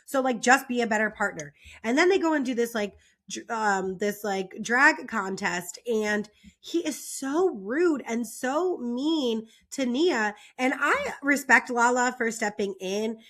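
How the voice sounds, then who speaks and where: A woman's voice: medium pitch, fairly bright tone. A young woman giving a casual, opinionated recap of a reality show, chatty and peppered with fillers, often exasperated. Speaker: reality TV commentator.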